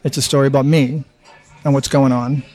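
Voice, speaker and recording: A man in his fifties chatting casually, halting with restarts and swearing freely. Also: mid-range voice, flat delivery, darkish tone. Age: 50s. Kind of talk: casual chat.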